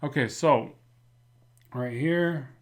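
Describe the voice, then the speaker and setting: A man with a slight lisp, talking through a drawing in a relaxed, rambling way as a comic art instructor. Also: medium pitch, takes it slowly. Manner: relaxed, rambling, many fillers and restarts. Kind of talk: casual drawing tutorial narration.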